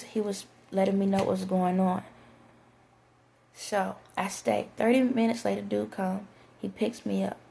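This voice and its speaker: This is a woman telling a winding story to her audience. Her voice is mellow and dark with a gravelly edge. She drifts between her own account and quoted dialogue in a loose, conversational way. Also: medium pitch. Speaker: vlogger. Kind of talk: rambling storytime monologue.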